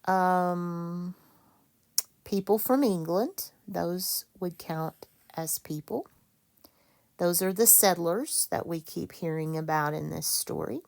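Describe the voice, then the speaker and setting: A woman teacher leading a reading lesson for children, patient and quick to correct herself. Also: on the low side, creaky, darkish tone. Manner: slow, patient, self-correcting.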